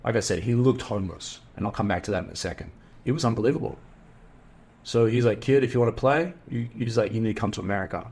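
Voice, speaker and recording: This middle-aged Australian podcast guest is a fast talker with a fairly low, husky voice and vocal fry. He relates a long story casually and with animation, acting out the dialogue by taking on the voices of those he quotes.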